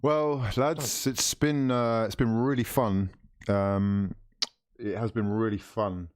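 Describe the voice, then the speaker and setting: A man's voice: on the low side, steady tone, takes it slowly, clean tone. A man hosting a football watchalong, switching between mock play-by-play commentary and sweary, pleading outbursts at the match.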